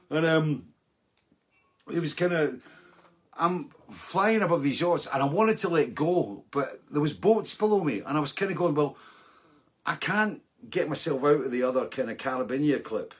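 Husky-voiced man telling a rambling tale. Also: medium pitch. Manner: rambling, self-mocking, laughs through the story, fillers like right. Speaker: storyteller. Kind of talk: casual anecdote to camera.

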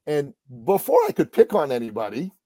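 A middle-aged man, a business coach, telling a motivational story in a lively conversational way. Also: a little high, fairly quick, no room sound.

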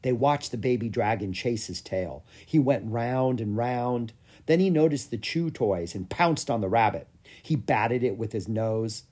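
Husky-voiced man reading a children's story. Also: mid-range voice, unhurried. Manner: lively storytelling. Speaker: audiobook reader. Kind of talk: scripted narration of a children's book.

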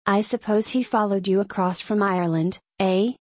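A woman voicing a large, slow, orderly gentleman who speaks curtly and gets flustered. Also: mid-range voice, no room sound, close to an everyday voice. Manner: curt, dry.

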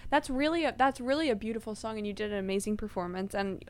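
A young woman co-hosting a podcast in casual chat, giggly and quick to exclaim. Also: medium pitch, darkish tone. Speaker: podcast co-host.

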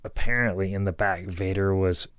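A man co-hosting a podcast, telling stories in casual chat and quoting others in low put-on voices. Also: steady tone, moderate pace, fairly bright tone, smooth, dry recording. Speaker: podcast co-host.

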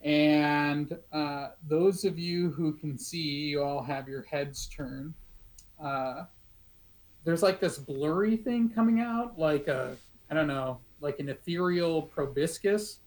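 Male game master, a touch high in pitch, casual and chatty narrator. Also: takes it slowly, darkish tone, low-quality recording. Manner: chatty, laughs often, many fillers.

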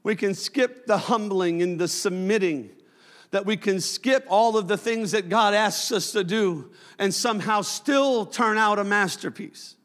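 A man preaching a sermon as pastor, with impassioned delivery that swells into shouts. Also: sits high, a little slow. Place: church sanctuary. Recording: long church hall reverb.

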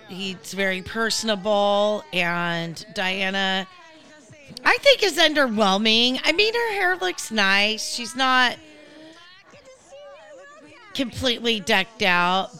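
A woman hosts a casual recap podcast with a bright, forward voice. She talks bluntly and swears now and then. She drifts into tangents before pulling herself back. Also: mid-range voice. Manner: chatty, blunt and profane, goes off on tangents. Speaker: podcast host.

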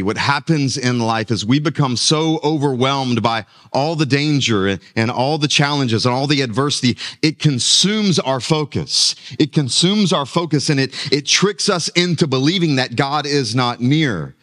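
A man's voice: medium pitch, animated, moderate pace, few pauses, fairly bright tone. A male pastor preaching a sermon, often repeating words as he builds toward a point. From United States.

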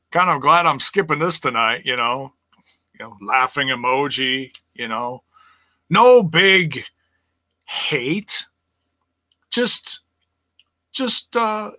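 Bright-voiced man ranting on a podcast. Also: no room sound. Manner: ranting, swears freely, mocks others in a high voice. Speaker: podcast host. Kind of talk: casual solo podcast rant.

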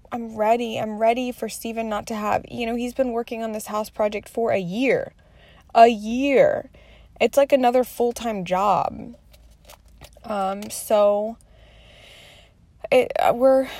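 Candid, gravelly-voiced woman vlogger. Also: on the high side, warm tone, dry recording. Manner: candid and rambling, with frequent swearing. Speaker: mother sharing her day. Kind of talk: confessional daily vlog.

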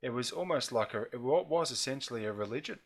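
A man's voice: medium pitch, fast. Australian man telling a yarn. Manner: animated storyteller, laughs through his anecdotes. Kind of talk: casual storytelling chat.

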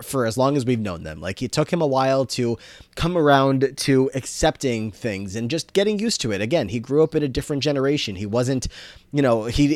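A man co-hosting a casual TV recap chat, chatty and full of "like", speeding up when excited. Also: mid-range voice, no room sound. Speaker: podcast co-host recapping a TV episode.

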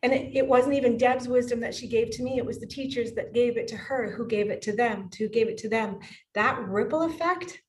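Speaking briskly in a fairly high voice, this yoga studio owner and teacher in her fifties laughs often as she recounts personal stories, emotional and effusive, during a podcast interview. The recording is rough.

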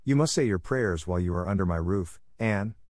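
Man reading a stern old spinster in a storybook, brisk and scolding, low and dry. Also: lively intonation, darkish tone, no room sound. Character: stern strict spinster woman, older, sharp-tongued.

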